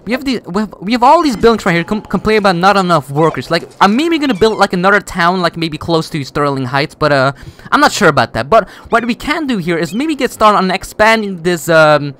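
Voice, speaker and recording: A man's voice: sits high, big pitch swings, a little fast, fairly bright tone. A man giving casual gameplay commentary, rambling with many fillers and restarts while he builds. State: voice cracks. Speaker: gaming YouTuber.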